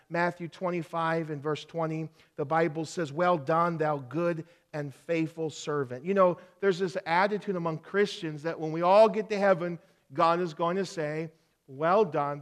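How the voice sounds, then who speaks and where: A man with a somewhat higher voice delivers a sermon as a pastor. He teaches in an earnest way, posing rhetorical questions and slowing down to repeat key phrases for emphasis.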